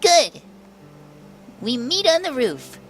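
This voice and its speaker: A man doing a chirpy high-voiced schoolgirl. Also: sing-song, takes it slowly, a bit bright, faint music behind, exaggerated voice. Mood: eager. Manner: chirpy, pleading falsetto. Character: peppy athletic teenage schoolgirl, eager, apologetic.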